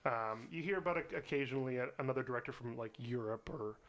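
A man's voice: mid-range voice, fast talker, a bit bright. A man co-hosting a casual film podcast, easygoing and laughing a lot, often trailing off mid-sentence. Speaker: podcast co-host. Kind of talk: casual chat.

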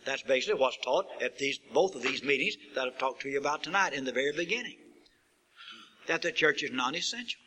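A man preaching a sermon who builds to emphatic peaks and asks rhetorical questions, stretching out key words slowly. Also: mid-range voice, lively intonation, sharp tone, low-quality recording. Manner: slow drawn-out stresses on key words.

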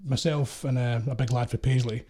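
A middle-aged man from Scotland with an East Coast Scottish accent, once a security contractor, tells blunt, sweary war stories in casual chat, laughing along the way. His mid-range voice has a dark tone, fairly even intonation, and a normal speed.

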